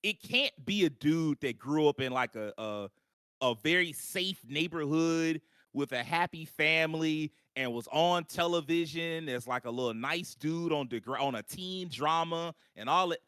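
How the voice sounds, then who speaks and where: A man co-hosts a live online show in loose, rambling chat. His voice is bright and sits a little high, and the sound is dry and close. He keeps slipping into quick impressions of other people as he talks. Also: clean tone, no room sound. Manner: animated, talks in long runs with "like" and quoted voices. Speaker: podcast co-host. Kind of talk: casual live-stream chat.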